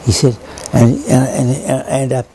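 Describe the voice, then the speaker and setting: A man's voice: mid-range voice, flat delivery, measured pace, mellow, slight background noise. An older Australian man, a former sailor, rambles through an oral history story, repeating himself and acting out the voices he quotes.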